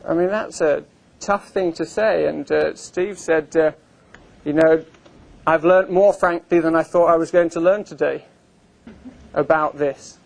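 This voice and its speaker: A man speaks to a live audience in a somewhat high voice, in a relaxed, unscripted manner. His delivery is wry and chatty, with plenty of ums and uhs between thoughts. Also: measured pace, gravelly. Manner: conversational and wry, with frequent fillers. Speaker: invited speaker. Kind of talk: conference presentation to a live audience. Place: conference room with an audience.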